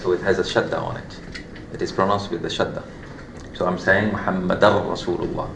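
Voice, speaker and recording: Gravelly low-voiced man teaching a class. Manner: patient, explains step by step with repeated examples. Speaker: Quran recitation teacher. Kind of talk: classroom tajweed lesson. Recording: echoey room, light background hum.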